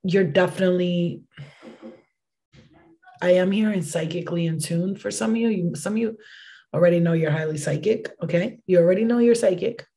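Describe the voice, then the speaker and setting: A woman's voice: fairly low pitch, a little fast, gravelly, warm tone. A woman giving a casual livestream tarot reading, chatty and rambling, swearing casually as she goes. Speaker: tarot card reader.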